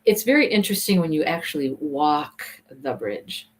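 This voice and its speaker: A woman from Michigan with a Michigan accent, co-hosting a casual chat, talkative and quick to laugh. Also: big pitch swings, rough recording. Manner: chatty, laughs often, mimics voices with high squeals. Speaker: co-host.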